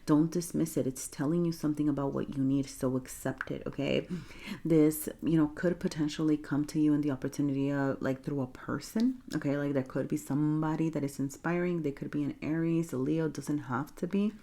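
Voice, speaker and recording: A woman's voice: deep voice, fairly even intonation, brisk, mellow. A woman giving a chatty, encouraging tarot reading, laughing often and checking in with "okay?". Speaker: tarot reader. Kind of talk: casual tarot reading to camera.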